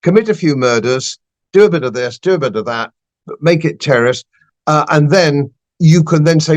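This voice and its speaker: A man's voice: on the high side, animated, moderate pace. An older man, a podcast guest giving blunt, emphatic political opinions and repeating phrases for stress.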